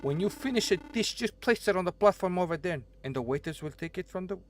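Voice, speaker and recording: A formal, stern elderly restaurant owner explains the kitchen in an exaggerated put-on accent, as a man reads the game's dialogue aloud. The voice sits a little high for a man. A faint hiss runs behind it. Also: expressive, fast talker. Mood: instructive. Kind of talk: reading game dialogue aloud.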